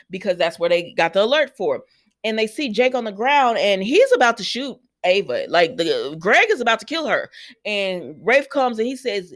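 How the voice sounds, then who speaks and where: A woman casually recapping a soap opera episode at home, acting out the characters' lines with sudden jumps in her voice. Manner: animated retelling, acting out lines with jumps in pitch.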